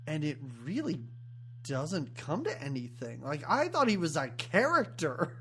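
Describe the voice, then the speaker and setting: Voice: medium pitch, huge pitch swings, measured pace, a bit bright, slight background noise. A podcast co-host chatting casually about a film, retelling scenes and acting out the characters' lines between laughs. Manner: storytelling, acts out film quotes and laughs mid-sentence. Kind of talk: casual movie chat.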